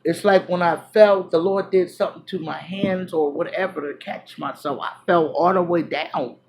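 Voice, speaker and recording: A woman vlogger telling a personal story to her viewers, loud one moment and hushed the next, full of fillers and restarts. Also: on the low side, moderate pace, slight background noise, low-quality recording. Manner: animated, drifts between loud exclamations and hushed asides; chatty, many fillers and restarts.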